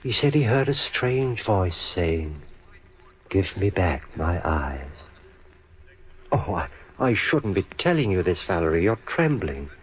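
An actor playing a calm, evasive male doctor in an old-time radio drama, reassuring and smooth-spoken, on a dull old recording. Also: low voice, slow, full character voice.

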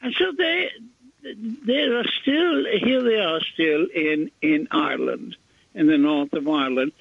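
Older guy rambling on the radio, husky and kinda high, phone-line audio. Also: no room sound. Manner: rambling, halting storyteller. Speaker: radio show host. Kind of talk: casual radio chat.

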